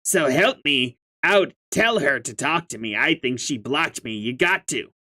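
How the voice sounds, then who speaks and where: A man's voice: mid-range voice, expressive, unhurried, sharp tone. A man reading aloud as a pushy, profane young sea troll with schemes of his own, speaking in a mocking tone. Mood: scornful.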